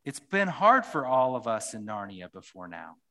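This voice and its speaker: A man voicing a wise, gentle male lion, reading a storybook passage aloud in a sermon with a slow, solemn, tender delivery. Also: medium pitch, big pitch swings.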